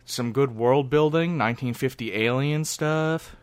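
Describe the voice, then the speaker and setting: A man's voice: mid-range voice, measured pace, clear, resonant tone. A man chatting casually on a group podcast, telling a long story with many restarts. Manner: rambling, self-interrupting storyteller. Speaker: podcast co-host.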